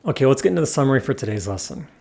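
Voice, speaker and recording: A man's voice: mid-range voice, big pitch swings, racing, creaky, over music. Methodical male language teacher. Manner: methodical, numbered explanations. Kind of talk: scripted lesson narration.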